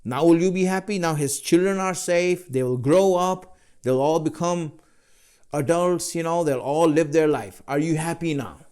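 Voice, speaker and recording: A man giving a religious lecture, pressing his listeners with rhetorical questions in a measured, emphatic way. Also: a little high, a little mellow, smooth. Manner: rhetorical questions, role-plays the listener's replies.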